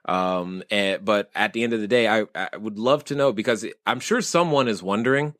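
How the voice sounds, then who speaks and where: A man's voice: lowish voice, normal speed, few pauses, fairly bright tone, dry recording, clean studio sound. A man hosting a podcast interview, laughing often and restarting his sentences as he talks. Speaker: podcast host. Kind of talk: casual interview chat.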